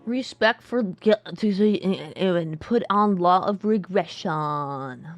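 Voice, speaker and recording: Woman gamer streaming, low-ish voice, sardonic and muttering, swears casually, faint music behind. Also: takes it slowly, highs cut off. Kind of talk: casual gameplay commentary.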